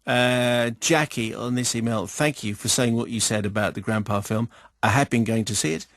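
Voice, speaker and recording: A man's voice: medium pitch, moderate pace, fairly bright tone, no echo. Man reading emails on dry studio mic. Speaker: radio presenter. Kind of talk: reading listener emails on radio. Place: radio studio. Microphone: studio microphone.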